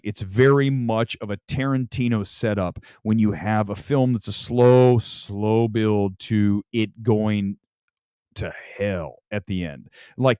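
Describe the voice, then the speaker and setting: A man's voice: medium pitch, no room sound, studio quality. A man hosting a livestream, telling a rambling story in casual chat with lots of restarts. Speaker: show host. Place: Los Angeles.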